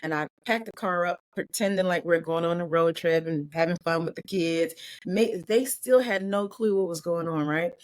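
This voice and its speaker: A woman guest from Maryland telling a heartfelt personal story in an interview, emotional and close to tears, with quick earnest bursts. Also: on the low side, dry recording. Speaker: guest, life and business coach.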